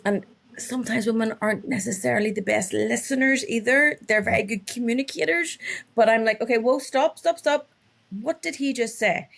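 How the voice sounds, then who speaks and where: A woman, a relationship coach telling stories in a casual interview and acting out her clients' lines. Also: mid-range voice.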